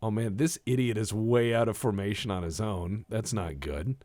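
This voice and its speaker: A man's voice: lowish voice, moderate pace, mellow, no room sound. A man co-hosting a podcast, chatting casually and rambling in a self-mocking way while he plays a game. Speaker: podcast co-host.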